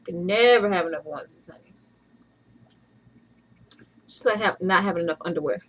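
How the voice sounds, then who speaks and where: Speaking at normal speed with a fairly low pitch, a woman in her thirties from Atlanta, USA, banters casually in a home vlog. She's chatty and playful with bursts of laughter, though the recording is rough.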